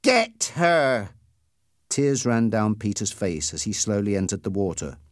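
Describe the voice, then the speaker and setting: A man's voice: lowish voice, dark tone, dry recording, studio quality. A man reading a story aloud as narrator, in scripted storybook narration. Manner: slow, clearly paced reading.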